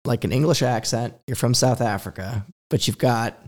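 A man hosting an interview in a casual, halting way, his voice a bit off from illness. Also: mid-range voice. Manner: laughs easily, halting questions. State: sick, slightly off voice. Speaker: podcast host.

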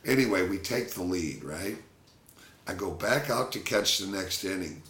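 A man with a slightly low voice tells stories from his playing days in an easygoing, animated way. He chuckles through his anecdotes. The recording is roomy and echoey. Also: a little slow. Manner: animated anecdote teller, laughs often. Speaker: former pro baseball catcher, guest. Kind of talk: casual storytelling interview. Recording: roomy echo.

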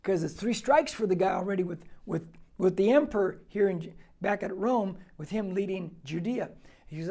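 Expressive and high-voiced, a male pastor goes verse by verse through a Bible passage at a moderate pace. He uses rhetorical questions and emphatic delivery, dropping to quiet asides before rising to loud, stressed points.

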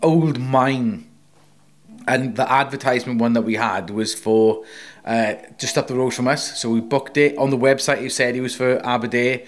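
A man's voice: medium pitch, normal speed. Sweary man chatting loosely. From Wales. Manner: sweary, rambling, animated storytelling. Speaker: co-host, tattoo artist. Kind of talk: casual chat.

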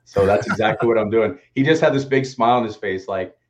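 A relaxed, laid-back man co-hosting a casual talk show. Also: fairly low pitch, fast, slight background noise. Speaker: co-host. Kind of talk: casual chat.

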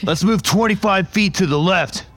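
A man playing a tabletop game, excitable and quick to swear and laugh. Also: high-pitched, faint music behind. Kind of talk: casual game-night chat.

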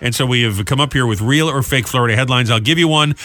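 A man's voice: mid-range voice, fast, bright, forceful tone, soft background music. A man hosting a morning show, reading headlines and joking in playful banter. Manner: jokey, slips into silly put-on voices.

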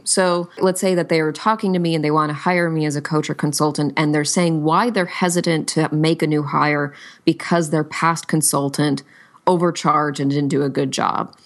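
A woman with a low voice answers an interview question as a sales coach. She explains her method fluently and with energy, acting out short example quotes along the way.

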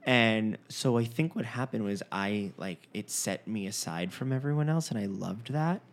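A young man from Long Island who trained as an actor, chatting casually in a lively, animated way with frequent restarts. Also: on the low side, moderate pace. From Long Island, raised in Fort Lauderdale. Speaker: actor and dialect coach. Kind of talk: casual conversation.

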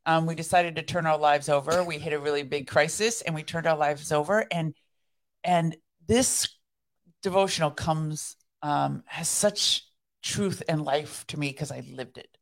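Her voice is low and her pace a little slow as this podcast co-host reflects earnestly on her faith story during a casual conversation about faith.

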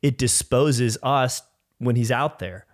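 A man's voice: mid-range voice, slow pace, no echo, studio quality. A man sharing a personal faith testimony as a podcast guest, rambling, with frequent restarts and filler words.

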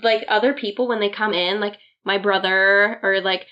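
A woman's voice: mid-range voice, steady tone, normal speed, dull audio. A woman chatting casually and laughing, telling stories about her dog and voicing its thoughts. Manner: chatty, giggly, voices her dog's thoughts. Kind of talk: casual chat.

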